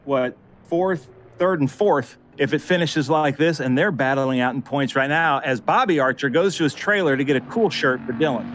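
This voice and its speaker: Laid-back color man, a bit high-voiced, faint hiss behind him. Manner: relaxed, chatty, fills pauses with uh. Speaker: color commentator. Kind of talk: esports race commentary.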